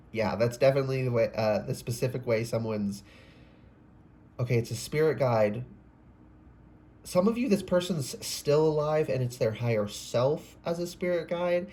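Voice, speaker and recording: A man's voice: mid-range voice, moderate pace, warm tone. Rambling man giving a casual tarot reading. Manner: rambling, self-interrupting, swears and exclaims. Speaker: tarot reader.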